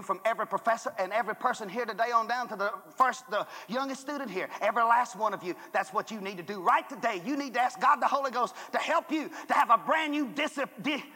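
Male revival preacher, high and bright, fiery and booming, old hall recording with long reverb. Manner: booming, shouting climaxes, dropping to hushed asides. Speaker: former church superintendent. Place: college chapel revival service.

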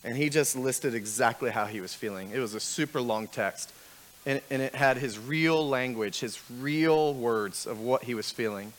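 A man's voice: medium pitch, normal speed, a bit bright. A man preaching a sermon as pastor, talking candidly and conversationally with frequent restarts, building to emphatic questions.

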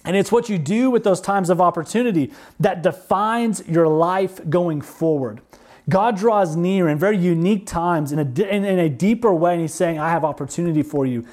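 A man preaching a sermon as pastor, earnest and repetitive, slowing down on emphatic phrases. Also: high voice, a little mellow.

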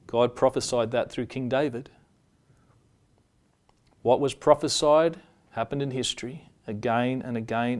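Reading passages of scripture in a sermon, this preacher keeps a measured rhythm and eases off on the solemn parts. He speaks at a medium pitch with a darkish tone.

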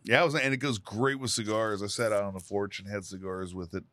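A man's voice: on the low side, fairly even intonation, fast talker, fairly bright tone, dry recording. A man co-hosting a casual podcast chat, laid-back and dry-humored. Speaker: podcast co-host.

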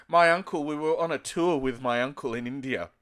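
A man's voice: on the high side, a little fast, a bit bright. A man with an Australian accent hosting a conversational interview with an author, telling rambling anecdotes full of restarts and "you know"s.

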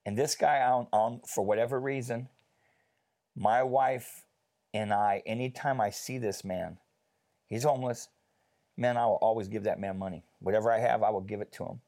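A man telling a personal story in a casual faith discussion, chatty and animated, with many fillers. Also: on the low side, normal speed.

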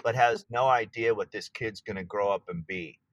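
Interview guest, male, bright and dry close sound, eager and rambling. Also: fairly low pitch, normal speed, no room sound. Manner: enthusiastic, searching for words. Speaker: pop artist guest. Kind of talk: interview conversation.

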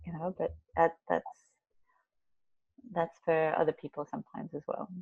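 A woman with a deep, gravelly, slightly rough voice tells a personal story at a moderate pace in casual conversation. She's animated, rambling with many restarts and fillers while acting out quoted voices. The recording is slightly muffled.

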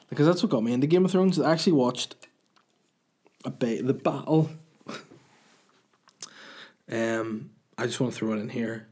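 Rambling Northern Irish man, husky voice. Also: medium pitch, normal speed, pauses often, darkish tone. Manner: rambling, sweary, jokey storytelling. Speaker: podcast host. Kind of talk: casual solo chat.

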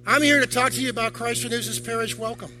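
High, bright-voiced man preaching. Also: fast, slight background noise, rough recording. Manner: animated, rhetorical questions to the congregation. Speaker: deacon. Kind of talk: sermon. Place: church.

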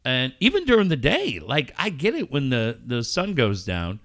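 A man's voice: medium pitch, wildly swooping pitch, moderate pace, a bit bright. A man, a sports radio host, joking and ribbing his co-host in casual podcast banter, swearing freely. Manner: joking, mock-emotional, profane.

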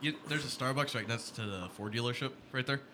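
A man's voice: medium pitch, quick pace, sharp tone, a little hiss or hum. A man from Southern California chatting on a podcast, laid-back and given to short, profane reactions. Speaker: podcast co-host. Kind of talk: casual chat.

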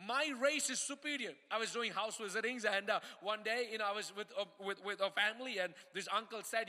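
A man's voice: high voice, a little fast, few pauses, bright, forceful tone. A man from India preaching a sermon as pastor of his church, often repeating words and restarting, then pressing home emphatic calls to his listeners. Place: church hall. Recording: hall reverb.

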